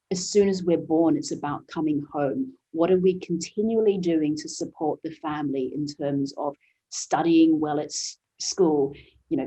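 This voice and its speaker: Podcast guest: woman, low warm voice, earnest and reflective, self-correcting often. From Vietnamese family raised overseas. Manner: earnest, frequent "you know" and restarts. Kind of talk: podcast interview.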